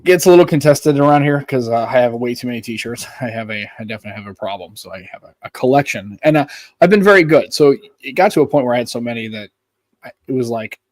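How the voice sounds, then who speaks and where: Quick and animated, this mid-range male voice belongs to a U.S. podcast co-host wandering through stories in relaxed live conversation, with no room sound at all.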